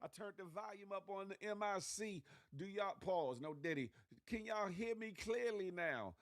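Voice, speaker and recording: A man hosts a loose livestream morning show over his phone, calling out viewers with playful slang. His voice runs a touch high for a man. The sound is dry and close. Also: animated, moderate pace, no echo. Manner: hype roll-call shout-outs, slangy and playful.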